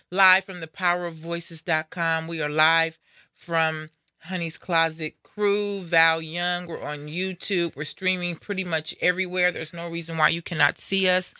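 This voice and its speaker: Middle-aged lady hosting a live show, bright voice, playful and upbeat. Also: on the low side, smooth, no echo, studio quality. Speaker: radio show host. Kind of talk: casual live show chat.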